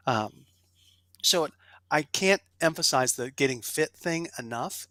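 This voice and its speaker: A man's voice: medium pitch, animated, measured pace, long pauses, sharp tone, dry recording. A man as a guest on a casual podcast interview, talking with enthusiasm and strong emphasis. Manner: enthusiastic, emphatic, salesy asides. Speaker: guest, golf industry executive.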